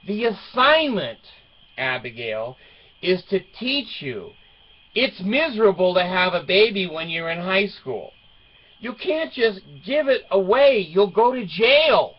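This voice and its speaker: A man's voice: high-pitched, sing-song, takes it slowly, highs cut off. Older man rambling through a joking story. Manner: rambling, joking, laughs often. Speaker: vlogger. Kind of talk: casual storytelling monologue.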